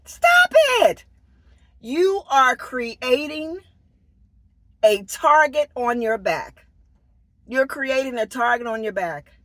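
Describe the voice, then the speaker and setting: Blunt, slow-talking American woman vlogger. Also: high voice, a bit bright, no echo. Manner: blunt, emphatic, repeats her points. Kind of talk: direct-to-camera safety talk.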